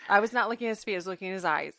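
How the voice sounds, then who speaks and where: A woman co-hosting a podcast, chatting casually with her spouse in a soft-spoken, affectionate, gently teasing way. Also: mid-range voice, very fast, no echo, studio quality. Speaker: podcast co-host.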